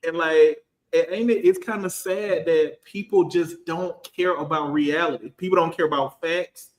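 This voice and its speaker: A man in his thirties, a finance professional on a casual panel, talking in an animated, storytelling way. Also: fairly high pitch, normal speed, reverberant. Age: 30s. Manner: animated, storytelling, acts out quotes.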